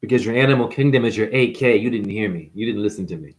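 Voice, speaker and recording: A man's voice: lowish voice, fast. A man giving a confrontational, preachy monologue as a spiritual teacher, calling the listener honey. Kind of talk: ranting monologue.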